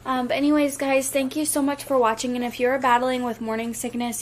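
This time she sounds high and flat, speaking fairly quickly over a faint hiss or hum. The young vlogger is at home with her baby, feeling sick and exhausted, rambling casually to viewers with lots of "like" fillers.

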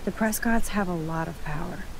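A woman's voice: on the low side, normal speed, lightly acted. Max, a woman playing a curious teen girl. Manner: polite, inquisitive. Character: curious, polite teenage girl. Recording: game audio with noisy hiss.

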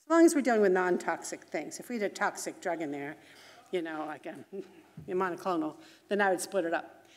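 A middle-aged woman, a physician and researcher, giving a brisk, chatty conference lecture full of asides. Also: on the low side, animated. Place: large conference hall. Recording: reverberant lecture hall.

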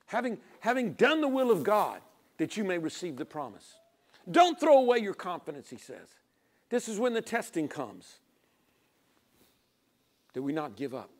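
A middle-aged man preaching a sermon as pastor, acting out little dialogues with God and people and swinging from loud urging to quiet near-whispers. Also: sits high, wildly swooping pitch, moderate pace, long pauses.

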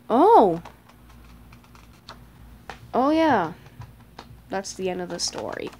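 A woman's voice: medium pitch, unhurried, pauses often, a little mellow. A woman chatting through a picture book page by page, filling her talk with "like" and small gasps. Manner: chatty, lots of "like", gasps and little voices. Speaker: fan showing a picture book. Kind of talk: casual book flip-through commentary.

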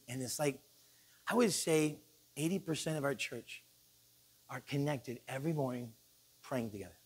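A male pastor delivers an animated, joking sermon in a church and acts out the people he quotes. His voice sits a little high for a man and swings widely in pitch. The tone has a slightly husky edge.

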